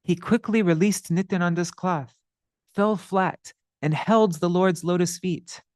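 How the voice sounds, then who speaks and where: A man reading scripture aloud, translating verses and adding commentary with steady, careful delivery. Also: high voice, measured pace, no room sound, studio quality. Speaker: scripture reader and teacher. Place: indoors, livestreamed.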